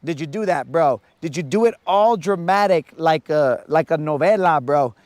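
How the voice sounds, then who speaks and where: A man's voice: fairly high pitch, lively intonation, normal speed, darkish tone, dry recording. A man hosting a fishing livestream, chatting casually and teasing viewers in a playful, slangy way while he fishes outdoors on a lake. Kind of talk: casual live-stream chat.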